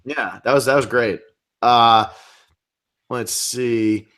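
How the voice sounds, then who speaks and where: A man co-hosting a fan show, chatting casually in quick back-and-forth with filler words. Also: mid-range voice, a bit bright. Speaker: podcast co-host.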